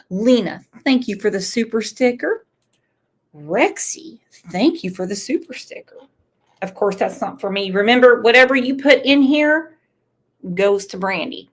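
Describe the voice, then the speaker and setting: Slow-talking congested woman host. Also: a little high, expressive. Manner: blunt, outspoken, with emotional asides. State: has a cold, congested. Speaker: true crime channel host. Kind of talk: casual livestream commentary, reading chat.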